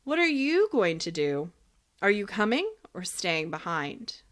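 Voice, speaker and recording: A woman voicing a sly, flattering little man who drives a coach in a storybook reading. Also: medium pitch, a little slow.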